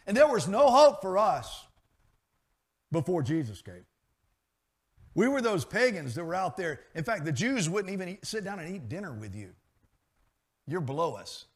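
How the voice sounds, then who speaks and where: Male preacher, high voice, dynamic delivery with loud peaks and quiet asides. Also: very animated, normal speed, pauses often. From grew up in a pastor's family. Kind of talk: sermon.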